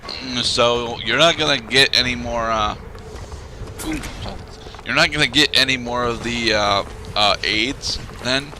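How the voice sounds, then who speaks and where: A man co-hosts a let's play and drops in dry, teasing remarks. His pitch is ordinary and his delivery relaxed. Game noise is clearly audible in the mix. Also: unhurried. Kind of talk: casual gameplay commentary.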